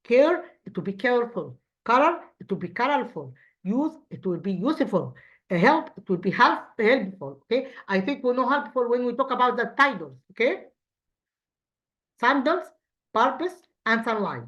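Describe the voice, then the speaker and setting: A woman teacher with an Egyptian accent, a native Arabic speaker, explaining an English lesson to children with halting restarts and quizzing questions. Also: fairly high pitch, sing-song, fairly bright tone. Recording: dull lo-fi sound.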